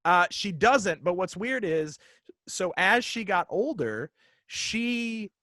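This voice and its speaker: A man in his forties, a podcast guest, telling a story casually and haltingly with many fillers and restarts. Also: high-pitched, animated, sharp tone, no echo.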